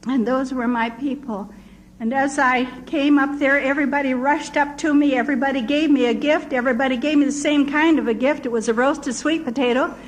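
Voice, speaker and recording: A woman's voice: sits high, steady tone, brisk, slight background noise, poor audio. An older woman, a missionary, telling her testimony as a vivid story. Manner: vivid storyteller who acts out quoted voices.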